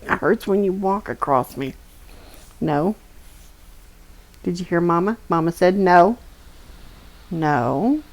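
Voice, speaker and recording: A woman streaming from home, chatting slowly and softly to her cat at a desk microphone. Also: fairly low pitch, animated, rough recording. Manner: slow, soft baby talk to her cat. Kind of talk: casual chat with her cat while gaming.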